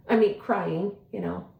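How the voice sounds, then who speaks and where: A woman co-hosting a relaxed chat show tells a long story. She is animated and talkative and keeps quoting what she said. Her voice sits at a middle pitch, and the room adds a clear echo. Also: lo-fi sound. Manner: animated, chatty, quotes herself often. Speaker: podcast co-host. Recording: roomy echo.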